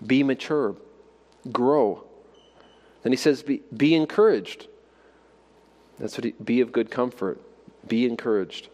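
A man's voice: medium pitch, a little slow, long pauses, a little mellow, in a large hall. A man preaching a sermon, asking his listeners rhetorical questions and building to emphatic exhortations. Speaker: pastor.

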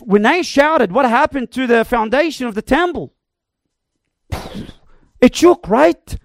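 A preacher delivering an emphatic, dramatic sermon that swings between loud cries and quiet asides. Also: medium pitch, vocal fry, no echo, clean studio sound. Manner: emphatic, dramatic, varies loudness and tempo.

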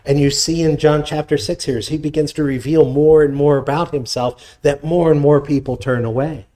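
A man's voice: fairly high pitch, fairly even intonation, normal speed, dark tone. A middle-aged male pastor preaching a sermon, reading scripture aloud and explaining it with conversational asides.

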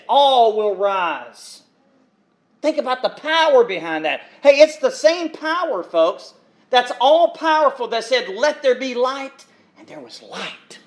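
A man preaching a sermon with emphatic passion, swinging between loud declarations and hushed asides. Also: extremely high pitch.

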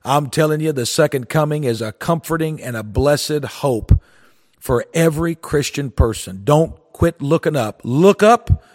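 A man preaching a sermon, his voice a little higher than most men's. He tells stories in a folksy, earnest way, and his voice rings out with a long reverb as if in a large hall. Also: normal speed.

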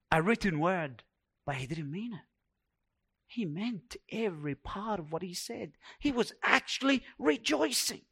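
A man preaching a sermon, dramatic, swinging between hushed and loud delivery. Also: high voice. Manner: acts out quoted complaints in a raised voice.

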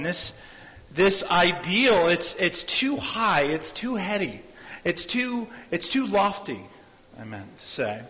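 A man's voice: high voice, very animated, moderate pace, sharp tone. A man preaching a sermon as a pastor. He speaks earnestly, repeats his phrases and acts out the voices of people he quotes. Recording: long hall reverb.

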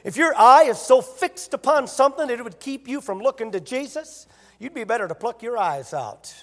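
Male pastor, emphatic sermon delivery, high voice, church hall reverb. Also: lively intonation, normal speed. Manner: emphatic preaching, rising to loud bursts.

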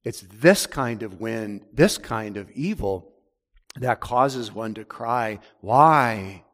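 A man preaching a sermon as pastor, emphatic, dropping low and slow on key words. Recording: long hall reverb.

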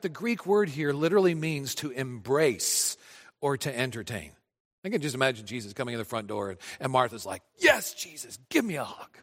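A male pastor preaching a sermon, conversational and animated, speaking directly to his congregation in a church. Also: medium pitch, in a large hall.

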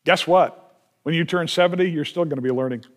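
A man's voice: a little high, brisk. A male pastor preaching a sermon, with emphatic delivery, repeated refrains and rhetorical questions.

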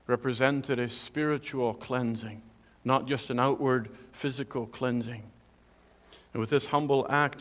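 In a big-room acoustic, a man with a mid-range voice preaches earnestly and emphatically. Explaining scripture, he often restarts his phrases and stresses quoted lines.

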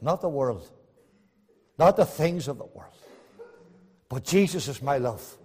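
Dramatic preacher in a reverberant hall. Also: male voice, medium pitch, lively intonation, unhurried, long pauses, slightly rough. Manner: swings between loud emphatic bursts and soft hushed asides. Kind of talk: sermon.

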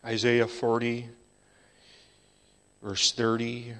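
A man preaching a sermon in a measured, emphatic style, sometimes dropping to a near whisper for emphasis. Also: medium pitch, fairly bright tone.

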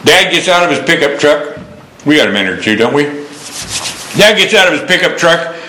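A man's voice: a little high, big pitch swings, fairly quick, bright, forceful tone, reverberant, a little hiss or hum, rough recording. A man preaching a sermon, quoting scripture and telling homespun stories in a folksy manner. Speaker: pastor.

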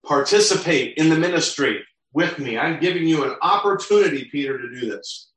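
Recorded from far off in a very echoey room, a pastor with a high-ish, fairly bright voice delivers a sermon. Animated and a little fast, he reads scripture aloud and works through it verse by verse.

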